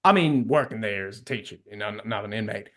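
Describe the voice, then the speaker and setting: A man's voice: on the low side, fast talker, a bit bright, voice pushed down, close to an everyday voice. A man voicing a brash, clueless Southern American man with a put-on Texan accent and chummy, rambling talk. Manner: chummy, rambling, over-eager.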